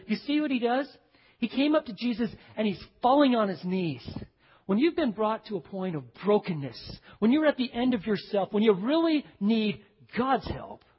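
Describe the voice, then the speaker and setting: A male pastor preaching a sermon, emphatic, dropping to hushed low phrases and speaking straight to his congregation. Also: husky. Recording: dull recording with long hall reverb.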